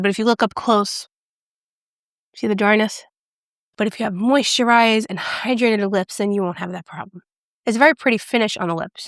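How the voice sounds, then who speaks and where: A bubbly, excitable woman chatting through a makeup review and demo, gushing over each shade. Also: on the high side, dry recording, studio quality. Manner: drops to a whisper when excited. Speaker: beauty vlogger. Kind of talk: casual product review and demo.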